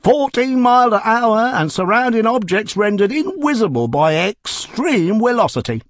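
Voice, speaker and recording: A man reading a storybook, voicing pushy working-class cab drivers hawking their rides in a loud, bantering way. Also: sits high, very animated, moderate pace, no echo, clean studio sound, pitched above the performer's own voice.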